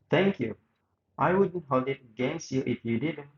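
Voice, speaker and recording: Guy reading an interview script out loud, stumbles a bit, echoey room, kinda muffled. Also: a little high, expressive, moderate pace, creaky. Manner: reads a script aloud with small slips and restarts. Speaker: student reading both sides of a radio interview. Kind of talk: read-aloud interview reenactment.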